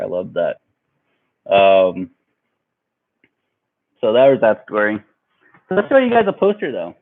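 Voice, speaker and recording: Young man telling a story over tinny audio. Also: on the low side. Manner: rambling, animated, laughing at his own story. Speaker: vlogger. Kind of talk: casual storytelling.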